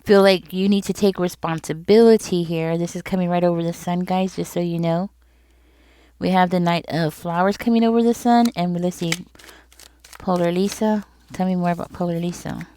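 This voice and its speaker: A woman's voice: on the low side, steady tone, moderate pace, dark tone, slight background noise. A woman giving a casual tarot reading straight to her viewers, talking in a loose, repetitive way and often checking in with them. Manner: conversational, repeats herself, speaks directly to viewers. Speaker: tarot reader.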